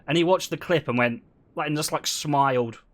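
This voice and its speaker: A young man streaming and chatting casually, telling stories in an animated way with frequent laughter. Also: on the high side, brisk. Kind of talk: casual chat.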